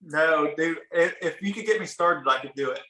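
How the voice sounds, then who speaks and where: A man's voice: a little high, normal speed, pushed and bright. A man in his thirties from a small town in Ohio, with a rural Ohio accent, telling a story in laid-back casual talk, swearing now and then and acting out what people said. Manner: laid-back, swears, acts out quoted dialogue. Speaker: podcast guest, barber. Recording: roomy echoey room.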